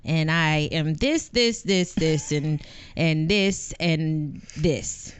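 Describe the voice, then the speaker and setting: A woman co-hosting a casual podcast, introducing herself playfully in a slow, drawn-out way. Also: low-pitched, clean tone, no echo. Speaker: podcast co-host. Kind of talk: casual chat.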